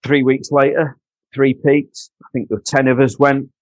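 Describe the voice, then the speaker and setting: Speaking at a moderate pace in a flat, mid-range voice, this Doncaster man shares candid personal stories as a podcast guest. He has a Yorkshire accent, talks earnestly, repeats himself and keeps calling the host mate. There's no echo, though the sound is lo-fi.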